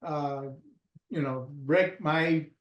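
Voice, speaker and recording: A man's voice: fairly high pitch, slow, lo-fi sound. A man from Puerto Rico, a guest in an interview, telling stories in a rambling way with many restarts. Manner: rambling, with frequent restarts and fillers. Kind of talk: casual storytelling interview. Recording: roomy echo.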